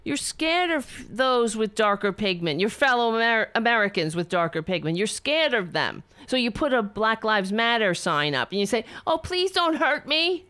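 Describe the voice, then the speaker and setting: A woman commenting on a video, sarcastic and swinging from loud rants to low muttering. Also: lively intonation, moderate pace, hardly any pauses, no echo. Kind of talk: casual reaction commentary.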